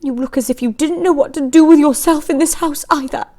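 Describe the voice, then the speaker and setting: A woman's voice: sits high, fairly quick, mellow, pitched above the performer's own voice, natural voice. A woman reading a story aloud, voicing a frightened, tearful housewife who pleads near tears. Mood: frightened pleading.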